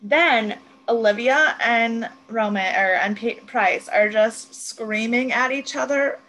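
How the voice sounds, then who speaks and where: A woman's voice: fairly high pitch, slow pace, fairly bright tone, poor audio. Chatty woman recapping a show. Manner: chatty, recounts scenes with quoted voices, swears casually. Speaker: podcast co-host. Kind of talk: casual recap chat.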